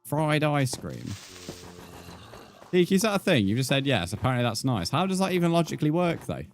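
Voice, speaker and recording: Faint music runs behind this young streamer as he talks casually with viewers, cursing liberally and addressing them as mate. His mid-range voice swings widely in pitch and races along very fast.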